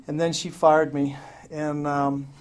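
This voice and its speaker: A middle-aged man from Salt Lake City, Utah, shares his recovery story as a speaker at an AA meeting, in a slightly high voice with flat, slow delivery. He's frank and profane, often laughing at himself, and the amateur meeting tape is hissy.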